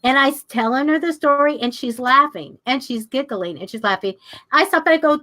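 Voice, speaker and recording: An older woman leads a casual class, telling personal stories to her listeners. She sounds chatty and animated, and her voice leaps up when she imitates the people in her tale. Her voice sits a little high. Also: brisk. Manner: animated, acts out quoted people with sharp pitch jumps. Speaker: class teacher on manifesting.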